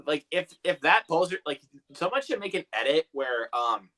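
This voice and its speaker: A young man co-hosting a casual live movie chat, talking haltingly with lots of fillers and slangy asides. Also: on the high side, big pitch swings, pushed and bright. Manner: hesitant, many fillers, says bro and dude. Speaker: movie review co-host.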